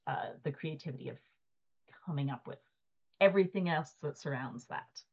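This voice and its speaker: A woman in a casual panel chat giving emphatic, animated advice on creativity, peppered with "like". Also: deep voice, normal speed, slightly rough, muffled recording. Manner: emphatic, animated, says 'like' often.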